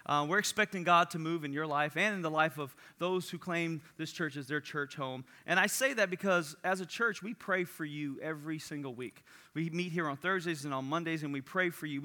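A young male youth pastor with a high voice and a piercing, sharp-edged timbre, telling a funny story on himself at a church service. He jokes at his own expense and then settles into the sermon. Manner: animated storyteller, self-mocking and joking. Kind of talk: sermon opening with a humorous personal story.

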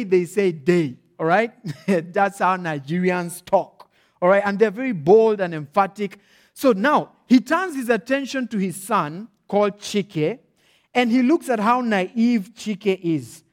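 A preacher with a Kenyan accent tells stories as he preaches, lively and direct. His voice sits fairly high for a man. He keeps checking in with his listeners. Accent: Kenyan English. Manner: animated, checks in often with "all right?". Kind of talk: storytelling sermon.

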